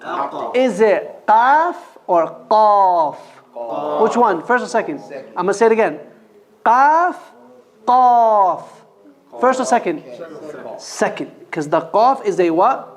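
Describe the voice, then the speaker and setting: This high, lively-toned male voice belongs to a Quran reading teacher at a mosque. Slow and patient, he has the class repeat letter sounds after him and checks them with brief questions.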